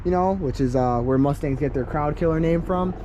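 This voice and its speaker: A man giving a casual walkaround of his car outdoors, talking in a halting way with many ums and restarts. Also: fairly high pitch, dark tone, a little hiss or hum. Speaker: car vlogger.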